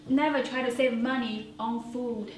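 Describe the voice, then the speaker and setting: A tender, apologetic mother, as a woman voices her, gentle and heartfelt with a high pitch. The sound rings through a roomy theater from a far-off mic with faint hiss. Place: small theater stage.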